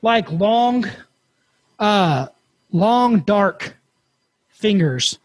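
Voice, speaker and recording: High-voiced man telling a creepy story. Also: extremely slow, dry recording. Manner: swears freely, animated storyteller. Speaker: podcast host. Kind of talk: casual storytelling.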